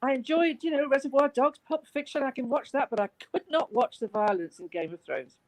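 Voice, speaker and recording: A woman on a live video call chats and teases her co-hosts with an easy laugh. Her voice sits a little higher than most. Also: brisk. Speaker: panel guest. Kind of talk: casual live stream chat.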